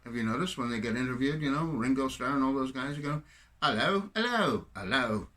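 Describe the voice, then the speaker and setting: A man's voice: medium pitch, fairly even intonation, quick pace. An older man from Canada giving a rambling, sarcastic solo political monologue, full of digressions. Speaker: political commentator.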